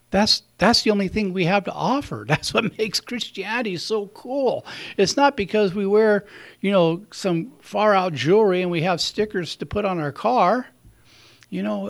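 A man's voice: high-pitched, vocal fry. A man giving a conversational sermon, telling stories and laughing at his own slips. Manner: conversational, warm storytelling, chuckles at himself. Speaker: preacher.

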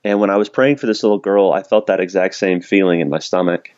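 A man's voice: low-pitched, steady tone, fast, darkish tone, no echo, lo-fi sound. A man telling a personal story in a casual conversation, candid and self-deprecating, laughing now and then. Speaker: podcast guest.

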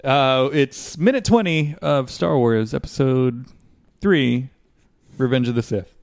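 A man's voice: mid-range voice, slow pace, creaky, a little mellow, no room sound. Chatty male podcast host, dry close mic. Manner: chatty, hesitant with many fillers and restarts. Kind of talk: casual podcast chat.

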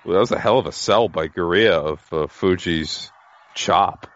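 A man co-hosting a casual wrestling chat, relaxed and chuckling between remarks. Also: low-pitched, normal speed. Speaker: podcast co-host. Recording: dull lo-fi sound with faint noise.

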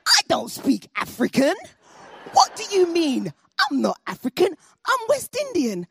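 A woman doing a shrill, mocking schoolgirl. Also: huge pitch swings, unhurried, gravelly, a bit bright, a little hiss or hum, exaggerated voice. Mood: sneering. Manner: squealing, mocking. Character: schoolgirl, chirpy then sneering.

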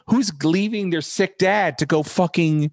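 A man hosting a podcast, ranting in a profane, rambling, animated way. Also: high-pitched, a little slow, creaky, no room sound. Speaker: podcast host. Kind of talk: casual podcast chat.

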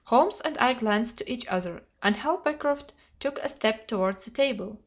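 A woman reading a classic detective story aloud as an audiobook narrator, steady and measured, in a dull lo-fi recording. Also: on the high side. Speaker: audiobook reader.

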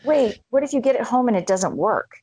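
A woman with a fairly high voice chats casually and tells stories with lots of energy, swearing freely and acting out the people she quotes. The sound is dry and close, with no room echo. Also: animated, brisk, mellow, husky. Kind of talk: casual chat. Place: lives in Arizona.

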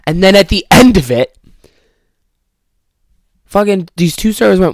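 A man's voice: high-pitched, big pitch swings, moderate pace, vocal fry, no room sound. Profane rambling young man podcasting. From Canada. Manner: profane, self-mocking, rambling storytelling. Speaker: podcast host. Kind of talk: casual solo podcast monologue. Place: bedroom.

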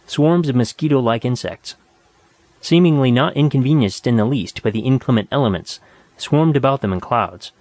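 A man reading a story aloud in a steady, measured narration. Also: medium pitch, dry recording. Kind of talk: audiobook narration.

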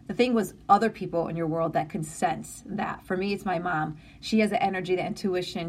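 A woman's voice: lowish voice, a little hiss or hum. A middle-aged woman hosting a live stream, talking in an earnest, emotional, encouraging way, with many restarts, and reading out viewer comments. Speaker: livestream host.

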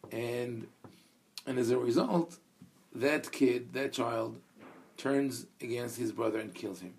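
A man's voice: mid-range voice, takes it slowly, vocal fry, a little mellow. A man teaching a Bible discussion in an earnest, thoughtful way, telling anecdotes and quoting Hebrew. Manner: reads a Hebrew verse aloud. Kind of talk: conversational teaching.

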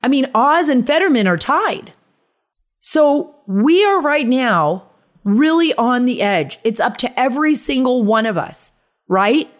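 A woman's voice: high voice, big pitch swings, a little slow. A woman hosting a podcast, delivering an emphatic, indignant political monologue and repeating phrases for punch. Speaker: podcast host.

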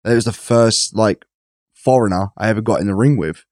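Animated British man telling wrestling stories. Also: fairly quick, no room sound, studio quality. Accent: British English. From England. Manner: animated storyteller, acts out quotes in a higher voice. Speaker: guest, pro wrestler. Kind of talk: casual podcast chat.

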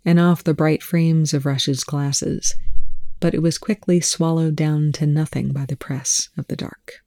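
A narrator reading fan fiction aloud with a measured, hushed sense of suspense. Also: medium pitch, steady tone, dry recording, clean studio sound.

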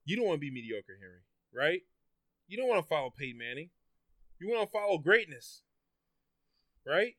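A man's voice: a little high, sing-song, normal speed, pauses often, pushed and bright, no echo, clean studio sound. A man co-hosting a podcast, chatting casually, teasing his friends and stammering when he gets worked up. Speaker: podcast co-host. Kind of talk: casual chat.

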